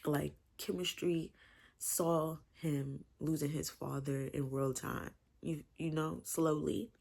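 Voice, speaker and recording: A woman's voice: low voice, steady tone, slow, gravelly, a little mellow. A woman giving a chatty, emotional book review, repeating herself as she gushes about the story. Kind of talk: casual book review vlog.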